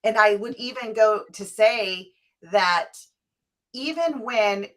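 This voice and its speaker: A woman's voice: mid-range voice, slow pace. A middle-aged woman co-hosting a talk show in casual, conversational chat, often quoting remembered dialogue. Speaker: co-host.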